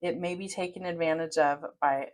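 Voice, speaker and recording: A woman with a notably low-pitched voice talks straight to her listeners as a podcast host. She speaks in an earnest, steady way, like someone giving advice from experience. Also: moderate pace. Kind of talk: advice monologue.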